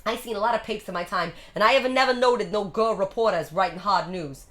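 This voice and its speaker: A woman's voice: medium pitch, fast talker, fairly bright tone, voice pushed down, natural voice. A woman voicing a cocky young male newsboy leader who talks in street slang.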